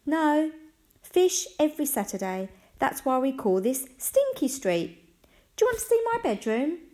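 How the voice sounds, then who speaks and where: A mischievous, cheerful boy with a bright, high voice that bounces all over, as a woman storyteller puts him on. He sounds pleased with himself in a storybook reading. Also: very animated, unhurried. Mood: cheeky. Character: cheeky cheerful young boy.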